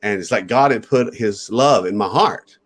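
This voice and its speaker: A man's voice: on the low side, normal speed. A man who is a pastor, earnestly telling a personal story in an interview and chuckling at times.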